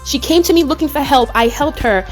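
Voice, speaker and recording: A woman's voice: high voice, fairly quick, soft background music. A woman hosting a casual livestream commentary, talking bluntly and animatedly, swearing and laughing often. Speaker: YouTube commentary host.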